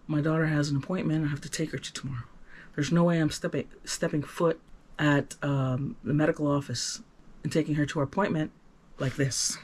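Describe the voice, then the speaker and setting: Speaking candidly to the camera in a personal vlog, a man with a voice on the high side comes across earnest and rambling. He restarts often and swings suddenly from soft to emphatic.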